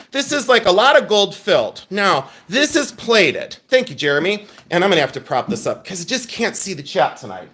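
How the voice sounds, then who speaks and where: A man hosting a live online jewelry sale, loud, excitable and chatty, with a habit of teasing himself. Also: high voice. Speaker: livestream jewelry seller. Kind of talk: live online sales pitch.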